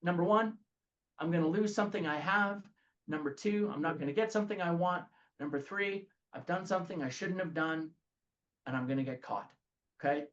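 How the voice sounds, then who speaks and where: A man leading a recovery group study in a lively talk, often checking in with "okay?". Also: on the high side, fairly quick, highs cut off. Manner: animated, says "okay?" often.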